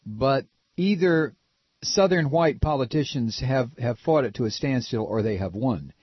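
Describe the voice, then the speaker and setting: An older man from Ohio with a nasal voice, talking casually and halting with many repeated restarts. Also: medium pitch, lively intonation, breathy edge, no echo. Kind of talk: casual opinion talk. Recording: dull lo-fi recording.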